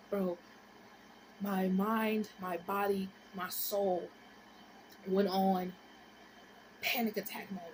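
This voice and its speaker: A woman in her twenties tells a story on her vlog, animated and profane, dropping into whispers and rising into shrieks. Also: medium pitch, slight background noise, rough recording. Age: 20s. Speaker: vlogger.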